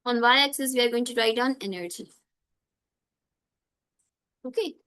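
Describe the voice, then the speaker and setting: A woman teaches a live online chemistry class. Her voice sits fairly high, and she keeps checking in with "okay?" and calls on students by name. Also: unhurried, a bit bright, smooth.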